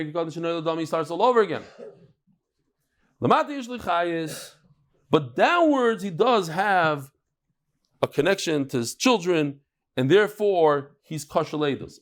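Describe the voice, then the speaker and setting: Man, middle-aged, Talmud teacher, high voice, animated, self-questioning, banters with a classroom audience. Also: unhurried. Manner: animated, asks and answers his own questions; banters with students in the room.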